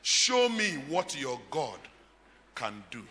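A man's voice: a little high, big pitch swings, slow pace, pushed and bright, in a large hall, pitched below the performer's own voice, full character voice. A Nigerian man voicing a scornful, dismissive Egyptian king within a sermon. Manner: mocking, dismissive.

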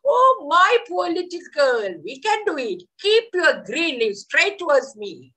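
A woman voicing a kind sun who comforts a little leaf in a children's story, speaking gently and affectionately. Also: very high voice, very animated, unhurried, pitched above the performer's own voice, exaggerated voice. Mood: tender.

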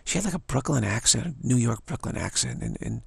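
Older male vlogger, rasping and gravelly, stammering musings, dry close recording. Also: medium pitch, wildly swooping pitch, fast talker, no echo. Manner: musing, stammering repeats, tag questions. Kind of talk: rambling spoken monologue.

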